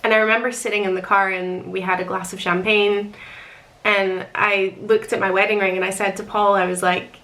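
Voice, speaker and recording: A woman's voice: mid-range voice, little pitch movement, normal speed, a bit bright. A young woman telling a long, rambling personal story in a chatty, emotional way, often laughing. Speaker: author recounting her wedding.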